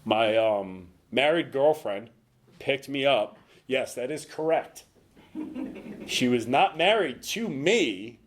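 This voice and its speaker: A man's voice: medium pitch, animated, takes it slowly. A man telling his recovery story to a meeting, candid and self-mocking, with dry jokes at his own expense. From North Carolina. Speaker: recovery speaker.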